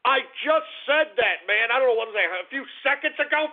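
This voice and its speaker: A man's voice: extremely high pitch, lively intonation, brisk, hardly any pauses. A man hosting a call-in radio show, ranting in a profane, exasperated way. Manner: profane, exasperated, swears constantly. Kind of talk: call-in talk radio rant. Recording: tinny phone-like radio audio.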